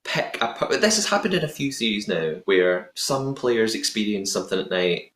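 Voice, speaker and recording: A man's voice: on the low side, sing-song, moderate pace, fairly bright tone. Chatty male podcast host, echoey room. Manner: chatty, laughs at own attempted accent. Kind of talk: casual recap chat.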